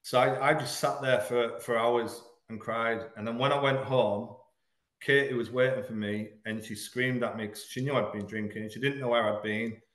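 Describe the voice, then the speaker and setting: A man's voice: mid-range voice, steady tone, a bit bright. Frank man in an echoey room. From Hull, England. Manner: frank, earnest, halting at painful moments. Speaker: podcast guest. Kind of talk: candid personal storytelling in an interview.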